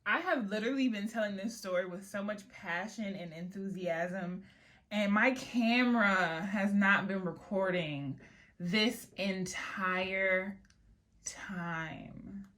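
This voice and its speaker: A young woman talking through a get-ready-with-me hair routine while she spills a storytime. Her delivery is chatty and slangy, with an exasperated edge. Her voice sits at an ordinary middle pitch, with faint music playing behind her. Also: lively intonation, a little slow, a bit bright. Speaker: beauty vlogger. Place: at home doing her hair.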